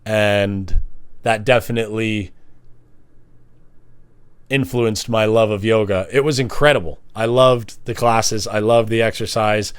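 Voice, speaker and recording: A man's voice: fairly low pitch, a little slow, pauses often, clean tone, no echo. A man talking casually to camera, telling personal stories and acting out the people in them. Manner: animated, acts out quoted voices. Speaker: vlogger. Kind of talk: casual storytelling monologue.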